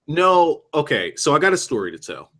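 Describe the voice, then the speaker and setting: A man's voice: a little high, moderate pace. A young man in a casual podcast chat, telling a long anecdote with many restarts and some swearing. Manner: animated storyteller, lots of restarts and swearing. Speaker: podcast co-host.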